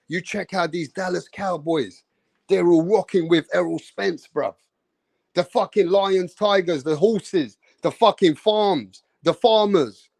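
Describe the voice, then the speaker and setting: A man hosting a boxing livestream, talking in an excitable, profane, hype way. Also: sits high, no room sound. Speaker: boxing YouTube host. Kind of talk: casual livestream chat.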